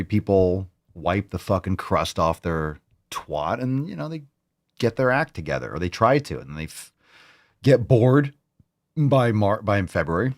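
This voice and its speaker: A man hosting a fitness vlog, joking and swearing in casual talk. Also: fairly low pitch. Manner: profane, joking, animated. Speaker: fitness podcast host.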